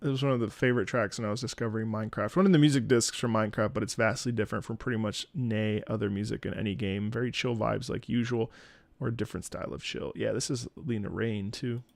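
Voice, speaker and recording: A man's voice: fairly low pitch, steady tone, fast talker, vocal fry, no echo. A man streaming, chatting casually about game music, laid-back, swearing freely and often restarting his sentences.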